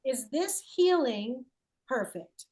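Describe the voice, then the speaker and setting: Woman healing coach, playful and encouraging, unhurried delivery. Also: high-pitched, expressive, a little mellow, slightly rough. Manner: playful, encouraging, asks leading questions. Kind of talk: coaching call.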